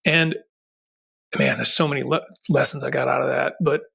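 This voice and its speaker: A man's voice: mid-range voice, steady tone, normal speed, creaky, a bit bright, husky. A middle-aged man hosting a podcast interview, telling a personal story in an earnest, rambling way with many restarts. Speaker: podcast host.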